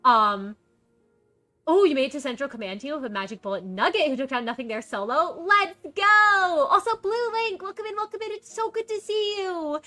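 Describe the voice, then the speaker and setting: Woman streamer, upbeat casual chat, high bright voice, reads chat and welcomes viewers, faint background music. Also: lively intonation, normal speed. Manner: bubbly, reads chat messages aloud and greets viewers. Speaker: game streamer.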